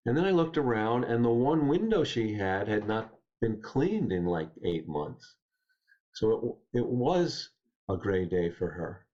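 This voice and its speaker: Male poet guest, low, unhurried storyteller; muffled recording. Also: big pitch swings. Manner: gentle, unhurried, reflective. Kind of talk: reflective storytelling and poetry reading.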